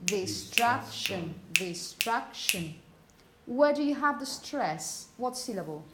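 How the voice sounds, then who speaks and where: A woman teaching phonetics to a class, repeating example words slowly and checking understanding with frequent "okay?". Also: a little high, big pitch swings. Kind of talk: classroom lecture.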